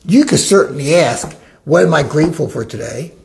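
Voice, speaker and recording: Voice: medium pitch, brisk, slight background noise. Life coach doing a motivational talk, voice swoops up and down a lot. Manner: animated, acts out inner voices.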